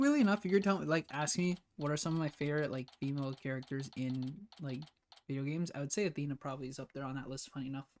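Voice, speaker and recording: A woman's voice: deep voice, darkish tone. A woman streamer giving casual gameplay commentary, chatty and self-deprecating, laughing often, her voice a little sore. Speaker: streamer playing a game.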